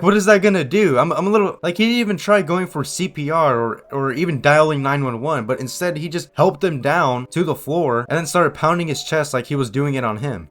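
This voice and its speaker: A man hosting a reaction video, giving sarcastic, rambling commentary full of restarts. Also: fairly high pitch.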